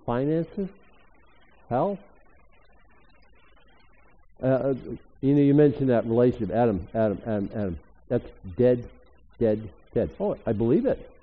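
An older man preaching a sermon as pastor, emphatic and animated, rising suddenly to loud exclamations. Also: mid-range voice. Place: church hall. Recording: echoey hall, tinny phone-like sound.

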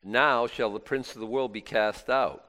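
A man preaching a sermon in a conversational way, swinging from loud exclamations to quiet asides and often restarting his words. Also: mid-range voice, fairly even intonation, moderate pace.

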